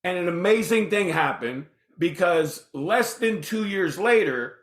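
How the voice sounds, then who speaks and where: A lively man in his fifties, a podcast guest who tells his story casually and acts out the dialogue himself. His voice is bright and somewhat high for a man. It rings in a roomy, echoey space. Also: unhurried.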